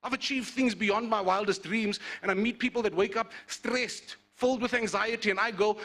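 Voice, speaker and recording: A man with a South African accent giving a comic, animated motivational speech at an awards event. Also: sits high, moderate pace, gravelly, hardly any pauses. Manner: animated storytelling.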